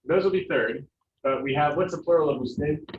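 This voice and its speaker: A man teaching a Spanish class, relaxed and jokey, with many fillers. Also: a little high, normal speed, slight background noise. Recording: roomy, distant, muffled classroom sound.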